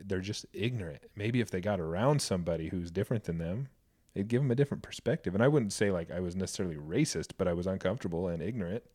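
A man's voice: sits low, fast talker, dark tone. A man chatting candidly on a podcast, earnest and swearing freely as he tells a personal story. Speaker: podcast co-host. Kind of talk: casual podcast chat. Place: Boise, Idaho.

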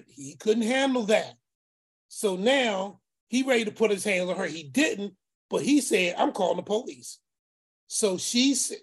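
A man tells a long family story, acting out the people in it and repeating words for effect. His voice is somewhat breathy and husky. At times his tone turns preacherly. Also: high-pitched. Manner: animated, acts out voices, repeats phrases; preacherly, speaks of faith. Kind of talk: casual storytelling.

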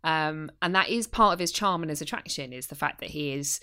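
Low, bright-voiced woman giving film opinions. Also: brisk, clean tone, faint music behind. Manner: blunt, thoughtful, with fillers. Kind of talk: casual film review chat.

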